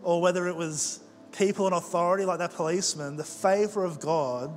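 Pastor preaching in a reverberant hall. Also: male voice, high-pitched. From Australia. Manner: conversational storytelling with quick asides. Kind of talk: sermon. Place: large church auditorium. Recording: long church hall reverb with faint music.

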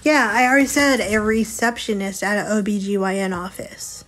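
A woman's voice: mid-range voice, steady tone, moderate pace, a bit bright, faint music behind, poor audio. A young woman casually chatting on a live stream and answering viewers' questions.

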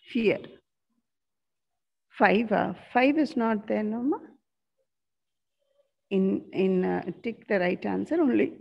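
A woman teacher walks a class through an exercise at a very slow pace, repeating each answer and spelling words aloud. Her voice is gravelly and husky. The recording sounds dull and lo-fi. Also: medium pitch. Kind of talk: online class lesson. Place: school corridor.

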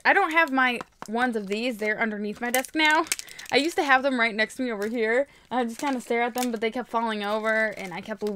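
A young woman chatting casually while unboxing toys, gushing and gasping with excitement. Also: a little high, a little hiss or hum. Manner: gushing, excitable, frequent gasps. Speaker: toy vlogger.

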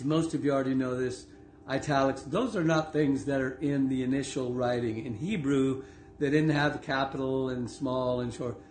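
A man giving a casual online Bible teaching, talking conversationally with many asides and laughs, and slowing down to read scripture aloud. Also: mid-range voice, darkish tone, echoey room, a little hiss or hum. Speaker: preacher.

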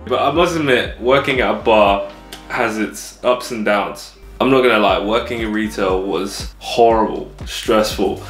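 A man's voice: on the low side, measured pace. A young man, a bartender, chatting casually to camera, swearing and laughing often. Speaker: vlogger. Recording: echoey room with music.

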